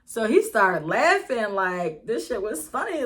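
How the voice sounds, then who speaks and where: A young woman vlogger telling a storytime in a chatty, animated way, talking straight to her viewers. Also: mid-range voice, normal speed, hardly any pauses. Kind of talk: casual storytime.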